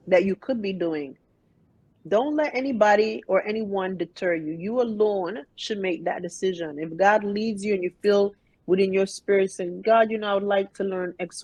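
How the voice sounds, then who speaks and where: A woman in her fifties, a guest in a casual interview, telling her story in an emphatic, animated way. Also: medium pitch, dry recording, poor audio. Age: 50s. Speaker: interview guest, private pilot.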